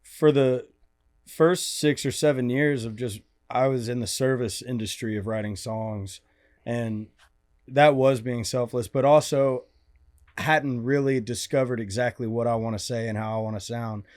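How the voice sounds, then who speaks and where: Guy explaining himself calmly, thoughtful, even pitch. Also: measured pace. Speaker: guest songwriter. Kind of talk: casual interview chat.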